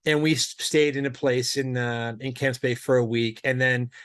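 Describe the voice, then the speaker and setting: A man's voice: mid-range voice, steady tone, moderate pace, a bit bright, clear, resonant tone. A man co-hosting a podcast in casual chat, a friendly listener who often chimes in to agree. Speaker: podcast co-host.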